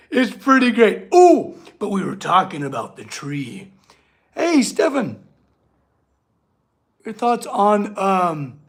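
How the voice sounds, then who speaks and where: A man streaming from his metal workshop, chatting loosely with viewers and fussing over his dogs. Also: high-pitched. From California. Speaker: blacksmith streamer. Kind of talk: casual livestream chat.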